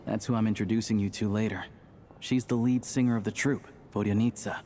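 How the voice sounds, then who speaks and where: An actor playing a calm, friendly young man who works at a theater, in a game. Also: lowish voice, fairly quick, a little hiss or hum, natural voice. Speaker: game character.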